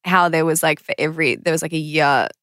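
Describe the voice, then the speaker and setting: A woman's voice: sits low, quick pace, a bit bright, dry recording, studio quality. A young woman co-hosting a podcast, chatty and teasing, with lots of fillers. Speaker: podcast co-host. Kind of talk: casual chat.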